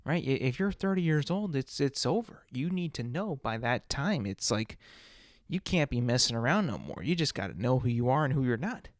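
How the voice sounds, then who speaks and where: A man's voice: mid-range voice, very animated, normal speed, no echo, studio quality. A man hosting a podcast, talking in a casual comedic monologue, rambling through restarts and rhetorical questions. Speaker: podcast host.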